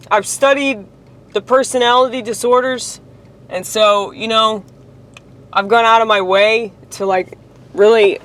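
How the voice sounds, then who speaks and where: A woman's voice: mid-range voice, a bit bright. A woman delivering a heated, profane, rambling monologue rant straight to the camera.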